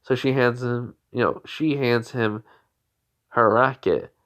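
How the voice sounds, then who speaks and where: A man's voice: mid-range voice, slow pace, a bit bright. A man improvising a spoken fan story, rambling with lots of "you know" and "like" fillers.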